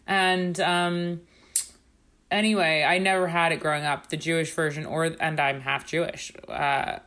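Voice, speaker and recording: A woman chats on a podcast with a slightly low voice. She jokes about herself freely and speaks with candour. The talk is loose and unscripted. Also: level tone, measured pace, fairly bright tone. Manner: joking, self-deprecating and candid. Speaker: podcast co-host. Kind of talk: casual chat.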